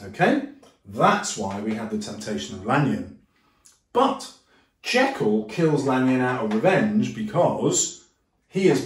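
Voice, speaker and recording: A male teacher, giving a lively, jokey lesson and acting out quotes in funny voices. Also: mid-range voice, distant mic. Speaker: English teacher. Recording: echoey room, voice a little off-mic.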